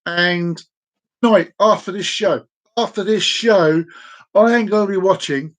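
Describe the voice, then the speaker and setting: A man in his forties rambles through a home live stream with a slightly high voice. He is playful and chaotic, echoing his own phrases and drawing them out. Now and then he breaks into excited whoops. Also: unhurried. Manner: sudden whoops and excited outbursts. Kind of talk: casual live-stream chat. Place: at home at a desk.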